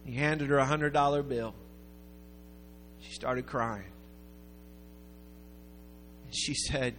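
A man preaching a sermon, telling a story in a rambling way that builds to loud, emphatic peaks. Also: mid-range voice, steady tone, slow pace, long pauses, a little hiss or hum. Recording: long hall reverb with faint music.

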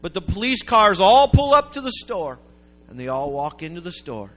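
A man preaching a sermon, telling a story in a rambling way that builds to loud, emphatic peaks. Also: high-pitched, very animated, moderate pace. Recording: long hall reverb with faint music.

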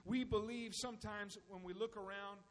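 A man's voice: sits high, steady tone, moderate pace, long reverb tail. A male pastor preaching a sermon, rising into emphatic bursts and acting out little dialogues.

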